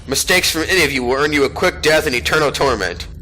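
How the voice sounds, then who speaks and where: A man voicing a scheming, proud dark elf priestess woman, haughty and commanding, reading game dialogue aloud. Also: on the high side, fast, rough recording.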